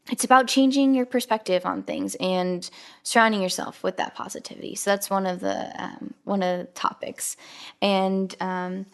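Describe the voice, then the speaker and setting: Speaking alone on her podcast, a young female host has a creaky, mid-range voice. She chats casually and earnestly, with plenty of filler words and quoted asides sprinkled through.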